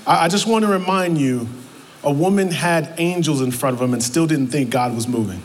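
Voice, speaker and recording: A man preaching a sermon as pastor, in a conversational, animated way that keeps breaking into acted-out quotes. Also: fairly high pitch, a little fast. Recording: long reverb of a large hall, faint noise.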